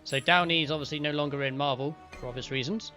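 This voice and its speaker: Friendly co-streamer, male, bright tense voice, short agreeable replies, faint music. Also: fairly high pitch, fast. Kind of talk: casual chat while gaming.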